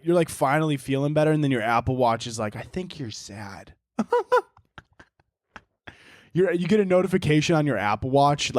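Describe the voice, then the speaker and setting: A man's voice: mid-range voice, dry recording, clean studio sound. A man hosting a casual solo podcast, rambling and swearing, often laughing and mocking things in silly voices. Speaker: podcast host.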